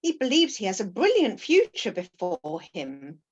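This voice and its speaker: A woman's voice: mid-range voice, huge pitch swings, moderate pace, muffled recording. A woman playing a proper, earnest young wife. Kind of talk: stage play performance.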